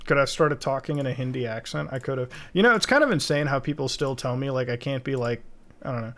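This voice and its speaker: A young man streams from home while editing video, chatting casually in a fast, slightly bright voice of medium pitch. He rambles, swears a lot and keeps dropping laughing asides.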